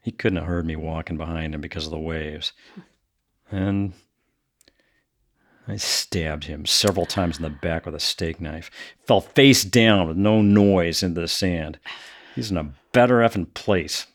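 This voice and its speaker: An actor playing a brooding adult son who coldly recounts his killings in a flat tone, flaring into anger. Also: low voice, a little slow. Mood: coldly calm. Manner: flat, cold storytelling with bursts of anger. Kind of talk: audio drama acting.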